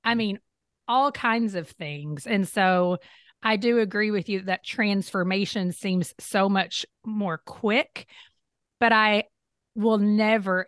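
A woman's voice: lowish voice, a bit bright, no room sound, studio quality. A woman hosting a conversational interview, affirming and thoughtful as she asks her questions. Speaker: interview host.

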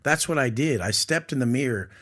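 A man's voice: mid-range voice, lively intonation, a little fast, a bit bright. A man talking as a podcast guest, blunt and aggressive, swearing constantly and acting out conversations he has had. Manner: aggressive, swearing, acts out quoted exchanges. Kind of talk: blunt, profane casual talk.

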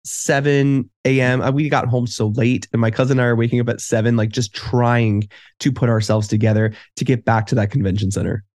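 A man's voice: mid-range voice, fairly even intonation, a little fast, a little mellow, dry recording, studio quality. A man co-hosting a podcast in casual chat, eagerly jumping into the conversation. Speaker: podcast co-host.

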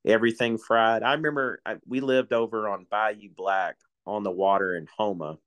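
Guy in his 40s spinning folksy stories, lowish voice, laughs a lot. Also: steady tone, moderate pace. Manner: folksy storyteller, chuckles often. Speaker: guest, retiring coast guard officer. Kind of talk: casual chat.

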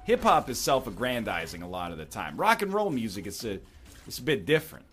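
A man's voice: medium pitch, wildly swooping pitch, brisk, fairly bright tone, breathy edge. A man giving rambling, jokey commentary while playing a video game, full of wry asides. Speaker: gameplay commentator. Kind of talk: gameplay commentary with rambling jokes.

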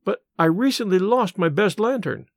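A man's voice: high-pitched, expressive, moderate pace, no room sound, clean studio sound, voice pushed up. A man voicing a cool, poised young woman who speaks with frosty, formal politeness. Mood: cool polite.

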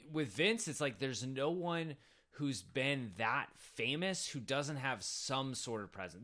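Bright-voiced man rambling on a podcast. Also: mid-range voice. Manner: rambling, filler-heavy, restarts sentences. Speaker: podcast co-host. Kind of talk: casual chat.

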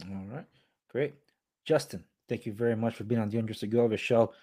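A man hosting a podcast interview, talking in a halting way with many restarts. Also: lowish voice, a little mellow. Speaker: podcast host. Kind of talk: casual interview chat.

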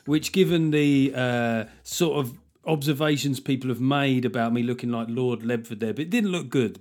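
A podcast host talks in a loose, joking way, stumbling into restarts and poking fun at himself. His pitch sits in the middle for a man. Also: moderate pace, few pauses, a little mellow. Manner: jokey, self-mocking, hesitant restarts. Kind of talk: casual chat.

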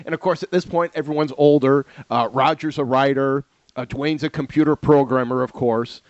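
Chatting casually about old TV shows, this podcast co-host is an animated storyteller who laughs a lot and repeats himself. He has a mid-range voice at normal speed, recorded without echo and with the highs cut off.

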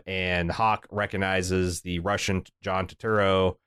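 A man's voice: sits low, animated, unhurried, hardly any pauses, fairly bright tone, smooth, no echo, clean studio sound. Sardonic man recapping an episode. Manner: sardonic, profane, quotes the show in put-on voices. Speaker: podcast co-host. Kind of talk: casual podcast recap.

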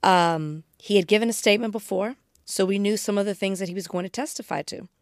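Woman, podcast co-host, measured and matter-of-fact, dry close mic. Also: medium pitch, dry recording. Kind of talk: casual podcast chat.

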